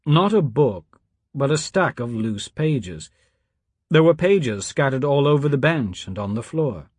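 A man narrating an audiobook in a measured, quiet storytelling manner. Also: medium pitch, very animated, husky, dry recording.

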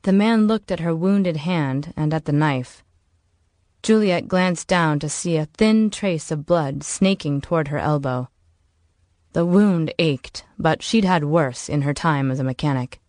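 A woman narrates a novel for an audiobook. Her delivery is measured and even, in a slightly low voice. The sound is dry and close to the mic. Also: no echo. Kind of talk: scripted narration.

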